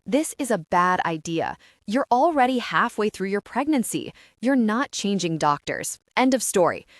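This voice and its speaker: A brisk, no-nonsense husband lays down the law in short, curt sentences, read by a woman narrator. He sounds like a busy businessman in a comedy audiobook. The sound is dry and close. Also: high-pitched, sing-song, no echo. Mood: firm. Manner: firm, curt and commanding.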